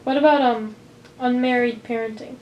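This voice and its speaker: A woman's voice: fairly high pitch, fairly even intonation, normal speed, highs cut off. A woman interviewing an older man, asking short, direct questions and giving brief acknowledgments. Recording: roomy, distant mic with faint noise.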